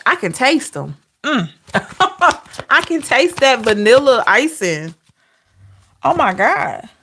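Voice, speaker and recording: A woman's voice: a little high, big pitch swings, slow pace, noisy background. A woman giving an intuitive tarot reading, emotional and talking straight to her viewers. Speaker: tarot reader.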